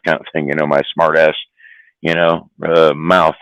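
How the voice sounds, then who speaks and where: A man's voice: low voice, little pitch movement, normal speed, fairly bright tone, clean tone, dry recording, low-quality recording. A man, a trucker, telling a rambling, profane story in casual chat, often repeating words. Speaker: trucker guest. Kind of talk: casual storytelling on a live stream.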